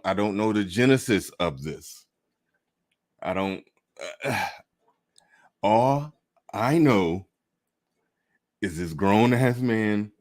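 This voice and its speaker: A man hosting a livestream, reacting to a clip in a halting way, laughing often and repeating words. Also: fairly low pitch. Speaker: livestream host. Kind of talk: casual livestream commentary.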